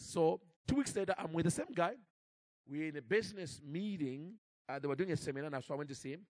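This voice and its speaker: A man preaching and telling a story in an animated way, with frequent restarts and repeated words. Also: a little high, fast talker, dry recording. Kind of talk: sermon storytelling.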